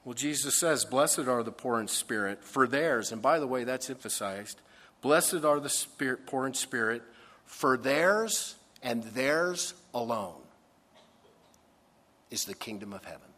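A man preaching a sermon, earnest and emphatic, with dramatic pauses on key words. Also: medium pitch, a bit bright. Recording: long reverb of a large hall.

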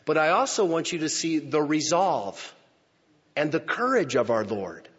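A male pastor preaching a sermon, slow and emphatic, swinging from loud declarations to hushed near-whispers. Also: on the high side, sing-song, slightly rough. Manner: slow, emphatic phrasing with pauses. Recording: lo-fi with long hall reverb.

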